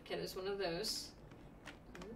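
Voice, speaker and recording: A young woman streaming a video game, chatting excitedly to herself and breaking into sudden squeals. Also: mid-range voice, normal speed, creaky, distant mic, noisy background. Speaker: let's play streamer. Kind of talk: casual gameplay commentary.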